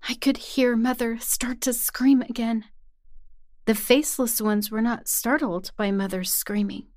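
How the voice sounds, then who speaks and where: A woman narrating a first-person horror story in a tense, hushed way. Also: on the high side, dry recording, studio quality. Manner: tense, hushed storytelling that rises to anguished cries.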